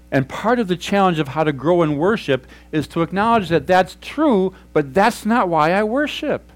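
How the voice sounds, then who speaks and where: A middle-aged man preaching a sermon as pastor, earnest and conversational, dropping to soft, hushed tones for prayerful lines. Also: mid-range voice, animated, moderate pace, poor audio.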